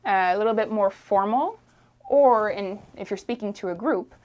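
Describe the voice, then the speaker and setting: A woman teaching a French lesson, repeating phrases slowly and encouraging the learner to try. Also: medium pitch, a little mellow. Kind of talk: friendly language lesson.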